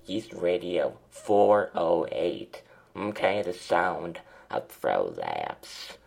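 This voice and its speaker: Guy doing a crude chain-smoking lady host, real deep and gravelly, slow drawl, swears nonstop. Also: big pitch swings, a little mellow, exaggerated voice. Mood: sneering. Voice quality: gravelly smoker's rasp. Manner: insulting, profane, drawling. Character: crude foul-mouthed 25-year-old woman smoker. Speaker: host of a call-in comedy show. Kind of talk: crude comedy monologue.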